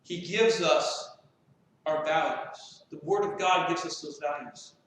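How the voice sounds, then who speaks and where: A man with a high voice preaches a sermon, impassioned and full of rhetorical questions. He is recorded from well off the mic, so his voice rings through a very echoey church. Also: takes it slowly, fairly bright tone. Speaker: pastor. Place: church sanctuary. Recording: very echoey room, mic far off.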